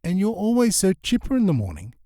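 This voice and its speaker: A man's voice: sits high, huge pitch swings, fairly quick, dark tone, no echo, pitched above the performer's own voice. A man doing a weary, skeptical shopkeeper woman. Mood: wry. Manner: dry, tired, skeptical. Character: grumpy young woman who runs a shop.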